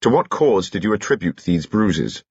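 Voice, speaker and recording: A man voicing a calm, methodical male police inspector in an audiobook, quiet and matter-of-fact. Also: fairly low pitch, moderate pace, husky, no room sound, muffled recording, exaggerated voice.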